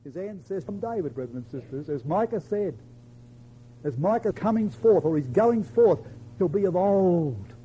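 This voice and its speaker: A man preaching a sermon to his congregation, emphatic, quoting scripture in old-fashioned wording and dropping softly at the ends of phrases. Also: expressive, normal speed, slight background noise, low-quality recording. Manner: emphatic, addresses listeners as brethren and sisters; drops to a soft low voice at the ends of phrases.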